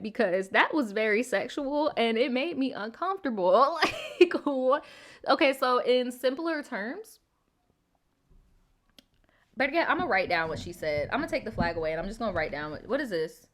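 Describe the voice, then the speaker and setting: A woman's voice: a little high, a bit bright. A young woman hosting a storytime channel. She reads a viewer's letter aloud, breaks off often with blunt, profane comments, and laughs a lot.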